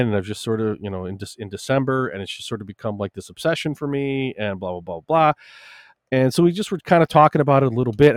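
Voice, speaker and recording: A man chatting on a casual podcast, his pitch jumping around as he tells a story with lots of energy. He swears casually, and the recording is dry and close, with little room sound. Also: dry recording. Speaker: podcast co-host, shop owner.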